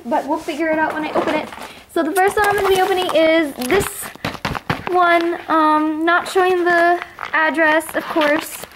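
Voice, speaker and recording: A young woman vlogging an unboxing of toys she got in trades, gushing and excitable, often gasping with delight. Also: very high-pitched, noisy background. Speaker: toy collector vlogger. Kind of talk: unboxing vlog.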